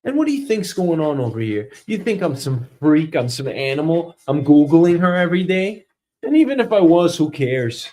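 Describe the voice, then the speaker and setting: Sarcastic guy in his 30s ranting on his news show, high pitched, super lively swings. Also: normal speed. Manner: ranting, sarcastic, swings between loud and muttered. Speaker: host. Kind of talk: comedic news monologue.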